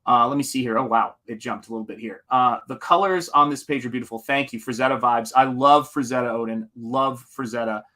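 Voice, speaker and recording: A man's voice: medium pitch, a little fast, hardly any pauses, sharp tone. A man hosting a casual livestream while painting, chatting enthusiastically and answering viewers. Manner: enthusiastic, rambling, answers chat. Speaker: livestream host and comic painter.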